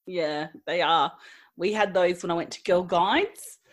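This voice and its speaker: Husky, low-voiced woman. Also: a little slow. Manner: chatty, blunt, swears casually. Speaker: podcast co-host. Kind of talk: casual chat.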